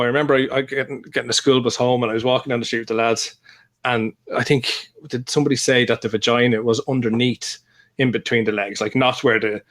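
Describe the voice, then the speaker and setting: A man's voice: mid-range voice, a bit bright. A middle-aged man co-hosting a podcast, telling candid, rambling stories in casual chat, with fillers and laughs. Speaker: podcast co-host.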